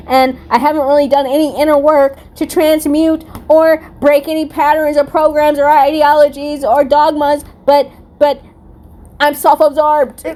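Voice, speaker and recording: A woman's voice: high voice, darkish tone, pitched above the performer's own voice. A woman putting on the voice of a self-absorbed narcissist, mocking and singsong.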